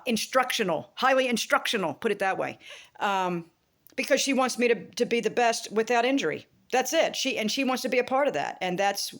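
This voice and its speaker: A middle-aged woman chatting casually to her viewers, laughing often and acting out bits of dialogue. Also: on the low side. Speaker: vlogger. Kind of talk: casual vlog chat.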